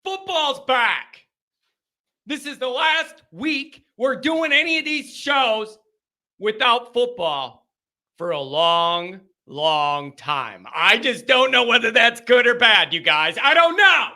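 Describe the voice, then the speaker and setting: A man hosting a live college football call-in show, rambling and excitable with bursts of yelling. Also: very high voice, slow pace.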